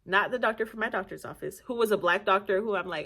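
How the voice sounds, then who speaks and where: A woman's voice: medium pitch, quick pace. A young adult woman from Nigeria, casually telling a personal story on her channel, laughing often and acting out what people said. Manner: animated, laughing often, acting out quoted voices. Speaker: vlogger.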